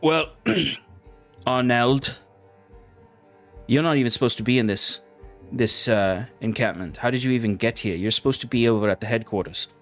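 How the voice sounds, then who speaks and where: A man's voice: medium pitch, normal speed, long pauses, a bit bright, soft background music, natural voice. A man voicing a stern, contemptuous male enforcer officer who barks orders and scolds. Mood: suspicious.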